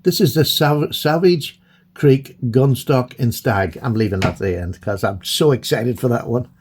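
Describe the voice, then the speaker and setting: A man chatting excitedly and gushing as he unboxes and admires his new knives. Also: mid-range voice, normal speed, slight background noise. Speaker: knife collector vlogger. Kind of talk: casual unboxing chat.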